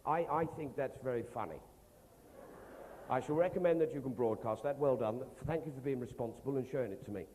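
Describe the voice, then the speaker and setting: A comedian doing a pompous naval officer. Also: male voice, medium pitch, brisk, warm tone, slight background noise, voice pushed down, close to an everyday voice. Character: stuffy, pompous older male naval officer. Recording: reverberant live stage recording.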